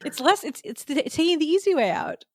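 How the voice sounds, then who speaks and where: A woman's voice: high voice, big pitch swings, fast, darkish tone, no room sound, clean studio sound. A woman, a returning guest on a podcast, chatting casually and bluntly, joking at her own expense and laughing often. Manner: jokey, laughs often, blunt and self-mocking.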